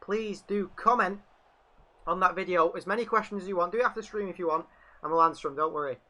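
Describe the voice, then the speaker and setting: In a live fan commentary stream, the host talks fast in a high, bright, forceful voice. He calls the match and chats, reading viewer comments between plays.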